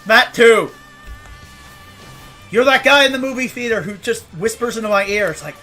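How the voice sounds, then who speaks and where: Female game streamer, higher voice, joking, profane, ranting, faint music under. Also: animated, normal speed, long pauses, sharp tone. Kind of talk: casual live gameplay commentary.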